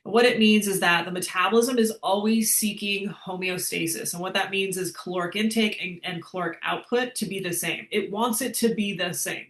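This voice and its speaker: A woman's voice: mid-range voice, fairly quick, few pauses, a bit bright, roomy sound. A woman fitness coach answering questions in a live class, chatty and upbeat, laughing as she explains.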